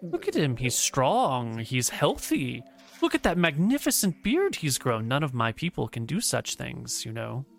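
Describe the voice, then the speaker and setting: A woman voicing a gentle, motherly female dryad who stays calm and unbothered. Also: very deep voice, a little slow, creaky, faint music behind, full character voice.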